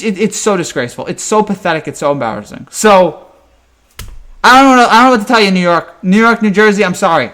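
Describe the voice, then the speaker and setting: Exasperated high-voiced man ranting. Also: fairly bright tone. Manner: exasperated and ranting, with frequent stammered restarts. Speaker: sports fan commentator. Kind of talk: fan reaction rant.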